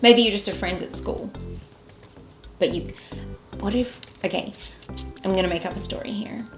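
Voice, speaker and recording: A bubbly, enthusiastic Australian woman hosts a podcast and chats warmly with a young guest. Her voice has a gravelly edge. The room sounds echoey, with music playing behind her. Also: mid-range voice, normal speed. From Melbourne, Australia. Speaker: podcast host. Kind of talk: casual chat with a child guest.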